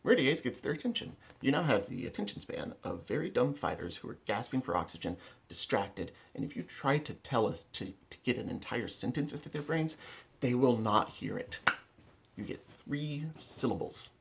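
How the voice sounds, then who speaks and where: Man at home explaining melee tactics; gravelly, mid-range voice, blunt and repetitive. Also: mid-range voice, sing-song, normal speed. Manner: emphatic, blunt, repeats key words, restarts often. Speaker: rapier melee instructor. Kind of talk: casual instructional talk to camera. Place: at home, indoors.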